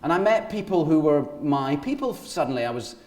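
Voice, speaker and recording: On stage before a live audience, a Scottish actor in his forties spins animated, meandering anecdotes with laughter. His pitch is fairly high, his delivery brisk, and the audio has a roomy sound.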